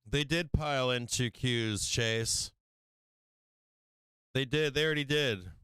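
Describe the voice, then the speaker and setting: A man's voice: medium pitch, slow pace, sharp tone, clear, resonant tone, no echo. A man hosting a live stock market stream, rambling and mocking, swearing often as he talks to his viewers. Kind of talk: casual profane market chat.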